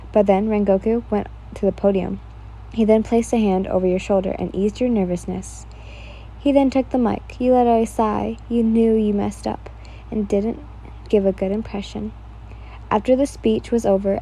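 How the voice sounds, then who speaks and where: Woman, casual fan fiction reading, slips and restarts, warm mellow tone. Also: medium pitch, breathy edge. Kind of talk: casual reading of a listener-insert story.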